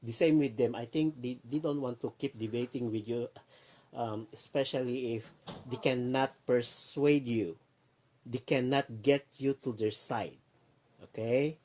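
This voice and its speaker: A man's voice: medium pitch, fairly even intonation, a little slow, darkish tone. A man with a Filipino accent, rambling in a casual livestream chat and greeting viewers by name. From Philippines. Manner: rambling, switches between Tagalog and English, greets viewers by name. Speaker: livestream host.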